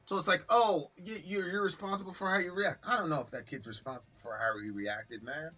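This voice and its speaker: Blunt, bright-voiced man telling stories. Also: high voice, fairly quick, soft background music. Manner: blunt, profane, animated storytelling. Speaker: co-host of a live reaction stream. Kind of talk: casual heated discussion.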